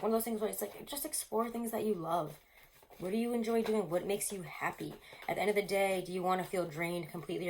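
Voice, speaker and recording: A woman's voice: fairly low pitch, a little hiss or hum. A woman giving a casual tarot reading to camera, chatty and rambling, full of fillers, often laughing. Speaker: tarot reader.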